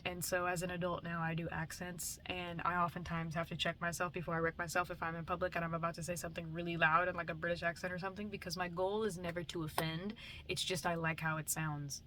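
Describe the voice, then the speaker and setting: Young adult woman, lowish voice, sleepy meandering home vlog chat, casual cursing. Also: flat delivery, fast talker, a bit bright, slight background noise. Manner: drowsy, meandering, casual swearing. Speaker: vlogger. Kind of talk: late-night rambling chat. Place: home, at night.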